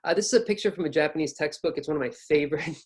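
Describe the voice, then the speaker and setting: A young man with an American accent leads an online lesson on pronunciation. He talks in a relaxed, explanatory way and sounds out each example himself. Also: on the high side, racing, breathy edge. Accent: General American. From North America. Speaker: pronunciation teacher.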